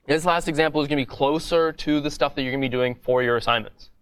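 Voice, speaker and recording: A man's voice: a little high, fast talker, a bit bright, smooth. A man teaching a coding bootcamp lecture in a classroom, explaining step by step in a casual way and often asking "right?".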